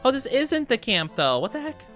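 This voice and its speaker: A man's voice: very high voice, very animated, normal speed, fairly bright tone, soft background music. A young man streaming a game, chatting with his viewers and playfully denying their teasing. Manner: playfully defensive, teasing denials to chat.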